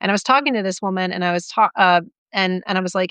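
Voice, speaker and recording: A woman's voice: on the low side, fairly bright tone, smooth, dry recording. A woman guest on a live video call, talking passionately and filling her speech with "like" and restarts. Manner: passionate, fast, lots of "like" and restarts. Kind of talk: casual conversation on a live stream.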